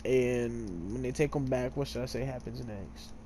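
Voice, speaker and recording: Man, casual storytelling while gaming, lots of "uh" and "like", corrects himself mid-sentence, middle pitch. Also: moderate pace, dark tone, a little hiss or hum. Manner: filler-heavy, trips over names and corrects himself. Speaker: gamer retelling a fan story. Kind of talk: casual rambling storytelling while playing a game.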